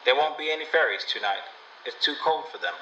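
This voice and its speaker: A wry, mocking wanderer who talks dryly and bluntly in a storybook tale, as a male reader voices him. His tone is bright and sharp, lifted a little above the reader's own, heard from a distance in an echoey room. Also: mid-range voice, animated, brisk, dull audio, slight background noise, voice pushed up. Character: wry, mocking wandering dream-seller man.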